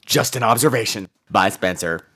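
A man's voice: fairly low pitch, normal speed, fairly bright tone, husky. A man hosting a podcast, answering voicemails in a campy, sassy and theatrical way, swearing playfully. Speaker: podcast host.

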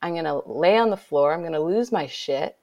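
A woman in her thirties with a lowish, gravelly voice shares a personal story as an interview guest. She swings between hushed whispers and loud, animated exclaiming. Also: a little fast. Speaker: guest, author.

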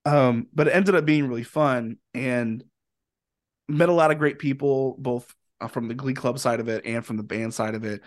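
A young man from Indiana, a podcast guest and musician, telling stories in a rambling, animated way and swearing freely. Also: mid-range voice, moderate pace. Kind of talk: casual storytelling.

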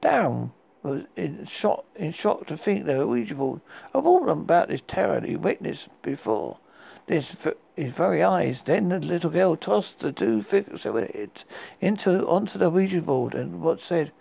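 A man from the UK hosting a horror podcast, narrating a scary story in a halting way with frequent restarts. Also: on the high side, very animated, creaky, mellow, breathy edge, rough recording. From United Kingdom.

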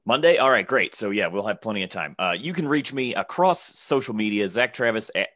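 A male comedian from Alabama with a Southern accent, chatting on a podcast. His fairly low voice is bright and forceful, and it bounces around lively as he jokes in a folksy, self-deprecating way. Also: fairly quick. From Alabama, USA. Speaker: comedian guest. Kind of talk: casual podcast chat.

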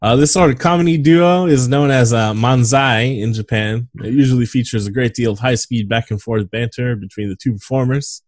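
A man's voice: mid-range voice, moderate pace, few pauses, a little mellow, no echo. A man co-hosting a casual movie podcast, reading from notes with lots of fillers and frequent laughs. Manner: laughs often, reads notes with filler words. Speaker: podcast co-host.

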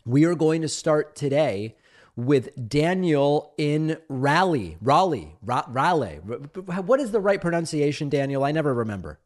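Brisk, upbeat male talk show host. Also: fairly high pitch, lively intonation, warm tone. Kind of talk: political talk show with ad read and caller Q&A.

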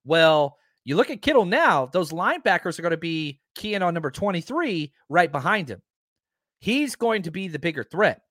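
A man hosting a sports talk show, talking casually and excitedly, stressing his points by repeating them. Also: a little high, normal speed, dry recording, studio quality. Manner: excitable, emphatic, keeps repeating himself.

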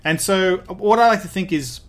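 A man's voice: high voice, normal speed, fairly bright tone. An Australian man hosting a podcast in casual chat, laughing easily and often restarting his sentences. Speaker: podcast host.

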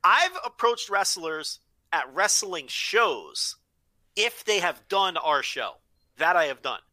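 A man hosting a podcast talks in a bright, crisp tone with a lively pitch. He chats casually, agrees often and drifts into rambling asides. The recording is close and dry. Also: takes it slowly, no echo, rough recording. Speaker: podcast host. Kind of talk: casual chat.

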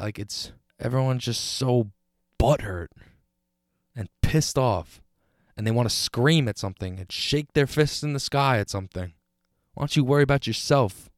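A man's voice: medium pitch, clean tone, dry recording. Frustrated young man ranting, dry sound. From United States. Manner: frustrated, rambling, swears, many restarts. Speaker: podcast host. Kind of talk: solo rant.

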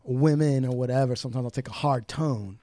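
A man's voice: mid-range voice, a little fast, warm tone, dry recording. A man hosting a podcast in casual chat, probing his guest and acting out remarks as quoted asides. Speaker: podcast host.

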